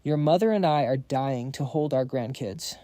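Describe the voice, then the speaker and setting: A man's voice: medium pitch, normal speed, mellow, dry recording, close to an everyday voice. A man voicing a proud, powerful middle-aged father who speaks bossy and blunt. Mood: commanding.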